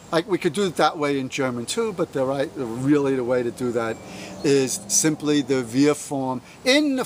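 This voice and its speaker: A man's voice: fairly high pitch, a little hiss or hum. A man teaching German grammar outdoors from atop a tower, explaining patiently and checking that his listeners follow. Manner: lively, patient, checks for understanding. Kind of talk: classroom-style explanation.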